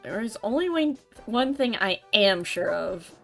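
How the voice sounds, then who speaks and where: A woman's voice: medium pitch, animated, unhurried, vocal fry, faint music behind. A young woman giving casual, rambling commentary while playing a game, laughing often. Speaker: game streamer. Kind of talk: casual let's-play commentary.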